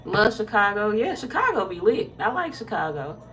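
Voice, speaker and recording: A woman tarot reader chats casually with her livestream viewers, reading their comments aloud. She's laid-back and quick to laugh, with a medium-pitched, sing-song, slightly bright voice.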